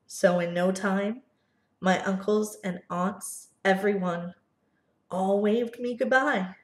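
A woman reads a picture book aloud to young children in a slow, deliberate, expressive storybook manner. Her voice sits at an ordinary pitch for a woman. The recording carries noticeable room echo. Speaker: first grade teacher.

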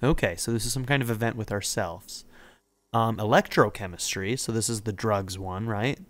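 A man's voice: fairly low pitch, normal speed, no echo. A man commenting on a game as he plays, chatty and hesitant, reading its text aloud. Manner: chatty, hesitant, often laughing. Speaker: gaming video host.

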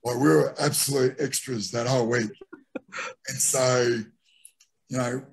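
With a creaky, mid-range voice and a measured pace, a middle-aged former rugby league player from Australia shares lively stories of his playing days. In this casual interview, he voices the things his teammates said.

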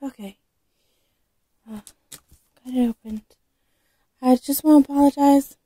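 A woman with a sore, recovering throat, chatting casually as she unboxes a doll, halting with frequent ums. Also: high voice, steady tone, warm tone, dry recording, low-quality recording. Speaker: vlogger unboxing a reborn doll.

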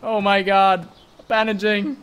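A man streaming a game live, commenting excitedly, swearing often and talking to his chat. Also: high voice, takes it slowly, clean tone. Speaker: livestreamer.

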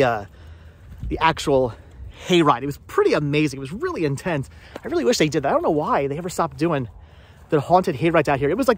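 A man with a slightly raised pitch talks casually to his viewers as he walks outdoors. His delivery is rambling and chatty, full of asides and questions for the audience. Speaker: vlogger. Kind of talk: casual walking vlog. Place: outdoors on a hilly tree farm.

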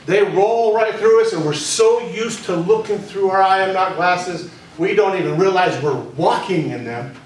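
A man giving a spiritual teaching to a small group, speaking deliberately and repeating key phrases for emphasis. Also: high-pitched. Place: room with a live audience. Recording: very echoey room, distant mic, faint noise.

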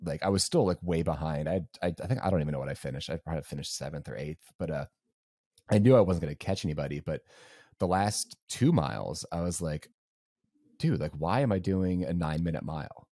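With a mellow bass voice and a slightly quick pace, a young podcast co-host from the Southern US wanders through a casual race story heavy on fillers. The studio-quality recording is dry.

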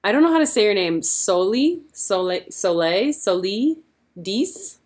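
A woman's voice: mid-range voice, very animated, measured pace, a little mellow, slightly rough. A young woman hosting a casual livestream Q&A, chatty and giggly as she answers fan questions. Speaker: livestream host.

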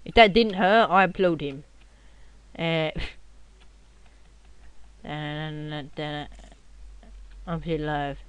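A young man giving casual gameplay commentary at his computer, rowdy and swearing, often yelling at the game. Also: on the high side, takes it slowly, pauses often, smooth, dry recording. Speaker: gaming commentator.

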